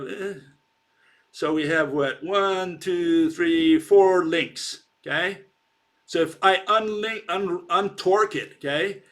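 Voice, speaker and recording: A man with a slightly high, somewhat bright voice gives an informal science lecture. He's emphatic, mocks critics, and keeps checking in with "okay?".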